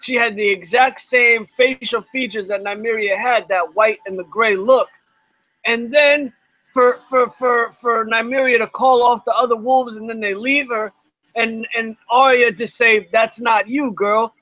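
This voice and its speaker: A man co-hosting a live stream, telling it in an excited, animated way while he is losing his voice. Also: very high voice, measured pace, dry recording, poor audio. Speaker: co-host. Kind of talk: casual live-stream chat.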